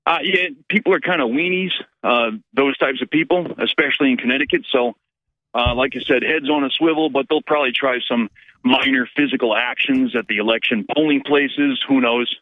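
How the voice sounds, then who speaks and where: A man's voice: mid-range voice, brisk, dry recording. A man calling in to a talk radio show, talking in a blunt, self-assured and boastful way. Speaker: caller. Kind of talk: call-in talk radio chat. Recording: tinny phone line.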